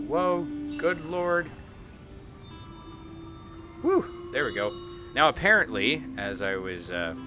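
A man playing a video game, chatting excitedly and reading the on-screen text aloud. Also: lowish voice. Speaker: gaming YouTuber. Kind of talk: let's play commentary. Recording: light game music behind.

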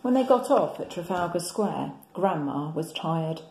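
A woman, a primary school teacher, reading a picture book aloud in a gentle, expressive storytelling manner. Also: fairly low pitch, a little slow, echoey room, rough recording.

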